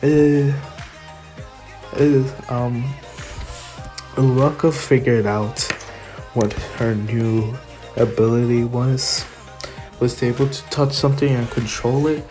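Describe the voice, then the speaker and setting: A woman's voice: rumbling low, fairly even intonation, takes it slowly, pauses often, over music. A woman casually retelling a fan-made what-if story, rambling with fillers and giggles.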